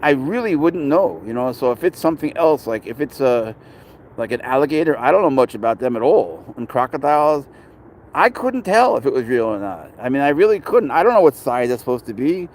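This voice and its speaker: This middle-aged pet owner vlogger from New York talks in a sing-song, mid-range voice, fairly quick and darkish in tone, with a little hiss or hum. Outdoors at a city dog park, he rambles chattily with passers-by and chat.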